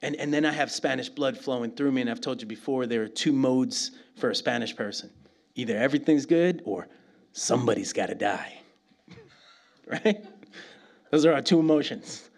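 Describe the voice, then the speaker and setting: A middle-aged pastor from New York City preaches a sermon packed with humorous stories, his voice medium-pitched at a normal speed with long pauses. He's animated and laughs often, asking "right?" again and again.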